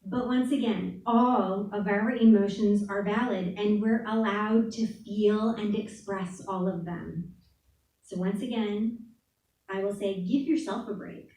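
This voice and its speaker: A woman's voice: medium pitch, steady tone, measured pace, warm tone. A woman giving a candid, casual talk at a spiritual center, laughing often and saying "like" a lot. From New Orleans. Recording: echoey room, voice from far off.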